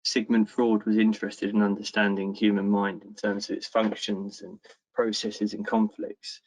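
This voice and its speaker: An earnest man with a fairly low voice tells his own story in an online talk. He often repeats a word as he begins a line, and his speech stays sincere and personal. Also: flat delivery, normal speed, darkish tone, rough recording. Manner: earnest, repeats words when starting lines. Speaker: social worker. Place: webinar, remote.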